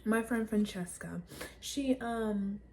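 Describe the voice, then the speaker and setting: A young woman vlogger telling a story casually, animated and rambling with lots of fillers and swearing. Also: mid-range voice, slow pace, slight background noise.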